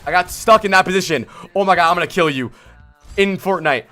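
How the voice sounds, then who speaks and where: A man streaming a gameplay vod review, blunt and exasperated, swearing and yelling at the player he coaches. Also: sits high, a little fast, faint music behind. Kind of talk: livestream game vod review.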